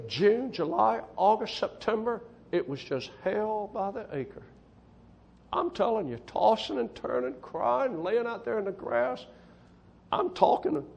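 A man's husky, creaky, high-pitched voice, with highs cut off, carries a missionary's testimony sermon to a church congregation. Folksy and emphatic, he leans on repetition for emphasis, returning often to "I'm telling you."

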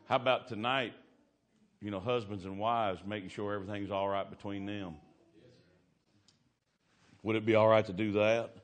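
A man preaching a sermon in church, telling folksy stories with laughing asides and swinging between loud and hushed. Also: lowish voice, fairly even intonation, normal speed, long pauses. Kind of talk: sermon with storytelling.

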